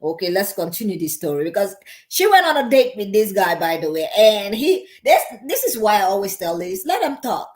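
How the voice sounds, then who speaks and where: A woman's voice: mid-range voice, very animated, fairly quick. A woman hosting a reaction video, giving sassy, emphatic casual commentary and laughing often.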